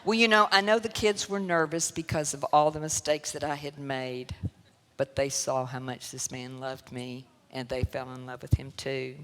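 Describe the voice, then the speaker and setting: A woman's voice: extremely low pitch, fairly even intonation, moderate pace, fairly bright tone, clear, resonant tone. A woman with a Southern US accent giving an emotional personal testimony to a church audience, telling her story with laughter and sorrow. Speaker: guest speaker. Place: church sanctuary. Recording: long church hall reverb.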